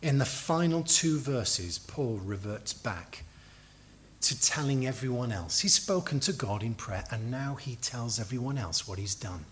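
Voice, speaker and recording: A man's voice: medium pitch, lively intonation, unhurried, slight background noise. A middle-aged man from England preaching a sermon, telling stories with acted quotes and dry humor.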